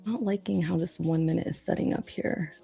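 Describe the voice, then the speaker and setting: A woman's voice: fairly low pitch, steady tone, brisk, gravelly, warm tone, breathy edge, no echo, soft background music. A woman trader giving live commentary on her trades, calling price levels and targets and urging the market on. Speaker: trader on a live trading stream.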